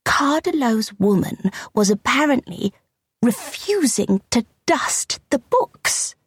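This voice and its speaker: A woman's voice: on the high side, sing-song, slow pace, breathy edge, dry recording, clean studio sound, voice pushed up, full character voice. Woman voicing a tiny-voiced catty old lady. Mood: gossipy. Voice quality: tiny kittenish voice. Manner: gossipy, catty. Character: sly spiteful elderly woman in a care home.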